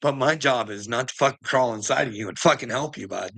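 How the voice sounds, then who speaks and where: A man's voice: medium pitch, animated, fairly quick, gravelly, fairly bright tone, husky. A man ranting casually on a livestream, swearing freely, laughing often and calling his viewers "bud".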